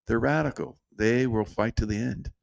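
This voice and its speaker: A man's voice: medium pitch, moderate pace, creaky. A man hosting his own show with casual, rambling commentary, laughing often and drifting off point. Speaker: show host.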